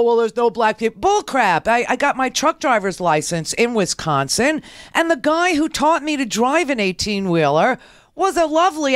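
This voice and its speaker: A woman's voice: a little high, dry recording, clean studio sound. A middle-aged woman hosting a talk radio show, giving sarcastic, rambling political commentary full of restarts.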